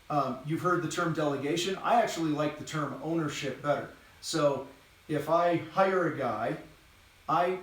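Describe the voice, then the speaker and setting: Energetic male coach, blunt and casual, slightly high-pitched, recorded off-mic in a very echoey room. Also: recorded from a distance. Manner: blunt, casual and energetic, swears now and then. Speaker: host and business coach for contractors. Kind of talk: live training talk to a camera. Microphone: distant mic, moves around while talking.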